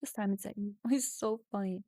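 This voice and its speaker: On a home stream, a woman whose first language isn't English plays an AI text adventure, typing, reading lines aloud and laughing at her own mistakes. She talks briskly in a steady, mellow, medium-pitched voice on a dry recording.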